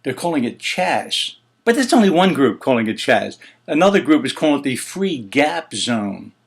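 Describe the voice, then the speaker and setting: A man's voice: medium pitch, very animated, moderate pace, slightly rough. A man hosting his own opinion show, ranting in an indignant, exasperated way with swearing and rhetorical questions. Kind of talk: heated opinion commentary.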